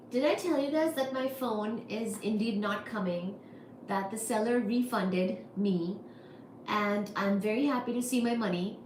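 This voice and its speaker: A woman hosting a casual livestream, reading chat comments in a playful, laughing way. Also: medium pitch. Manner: playful, laughs often, soft and drawn-out. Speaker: livestream host. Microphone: iPad. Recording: roomy echo with faint background noise.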